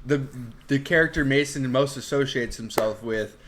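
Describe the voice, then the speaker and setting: A man's voice: medium pitch, moderate pace, noisy background. A man in an easygoing podcast chat with an ordinary mid-range voice. He retells movie scenes with animation and laughs easily, talking candidly and a little crudely. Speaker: podcast co-host. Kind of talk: casual movie review chat.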